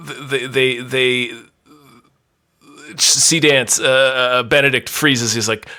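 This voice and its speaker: A young man narrating an improvised comedy story as game master, halting and rambling with many fillers. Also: medium pitch, steady tone, bright, forceful tone.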